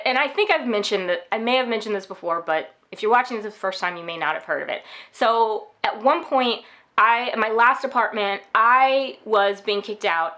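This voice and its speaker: A woman's voice: mid-range voice, pushed and bright. A young American woman giving candid, casual advice in a chatty vlog monologue, full of fillers. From United States. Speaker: vlogger.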